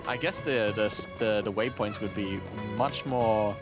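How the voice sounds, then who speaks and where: Slow-talking, rambling male streamer. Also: lowish voice, animated, music in the background. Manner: loose, rambling, swears freely, throat-clearing. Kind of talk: casual live gameplay commentary.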